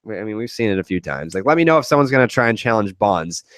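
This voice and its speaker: A man's voice: lowish voice, expressive, quick pace, fairly bright tone, no echo. A young man co-hosting a podcast, talking sports casually in a blunt, jokey way with lots of swearing. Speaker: podcast co-host.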